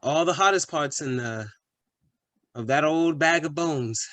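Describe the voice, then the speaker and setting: A man's voice: fairly high pitch, unhurried, a bit bright, no room sound. A man playing a crude, pushy young British bloke with a British accent who is boastful and full of slang. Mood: leering. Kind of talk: comedy sketch acting.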